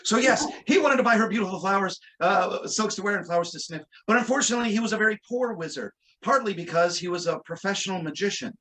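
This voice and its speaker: A man performing a comedic storytelling magic act over a video call, playful and teasing with quick asides. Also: high-pitched, animated, sharp tone. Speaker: stage magician.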